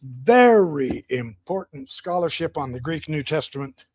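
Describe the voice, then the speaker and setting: A man with a high-pitched voice, excitedly walks through his home library on a casual live stream. He rambles from one book to the next with plenty of enthusiasm. The sound is dry and close, with no room echo. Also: measured pace, slightly rough. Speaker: host.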